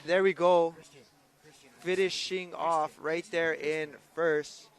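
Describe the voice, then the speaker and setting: A man's voice: a little high, flat delivery, takes it slowly, clean tone. A man commentating a live outrigger canoe race, upbeat as he calls the lanes and crews.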